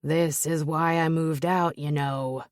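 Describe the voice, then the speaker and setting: A gruff older man with a dry, joking way of talking, as a woman narrator puts him on. He speaks low and unhurried. The recording is close and dry. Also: fairly even intonation, no room sound. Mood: deadpan. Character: teasing, gruff older father-in-law.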